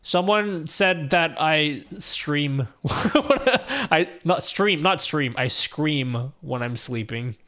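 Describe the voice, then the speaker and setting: A young male streamer with a slightly higher voice than most men chats loosely with his viewers. He rambles, restarts his sentences, laughs often and swears casually. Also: takes it slowly, hardly any pauses, bright, forceful tone. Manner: laid-back and profane, rambling with restarts and laughs. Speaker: live streamer. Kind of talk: casual live-stream chat, reading chat aloud.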